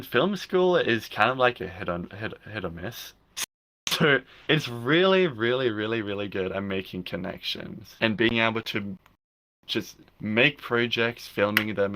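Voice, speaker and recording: Gravelly, bright-voiced young man rambling. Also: fairly low pitch. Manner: rambling, with frequent restarts and "like". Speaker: guest filmmaker. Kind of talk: casual interview chat.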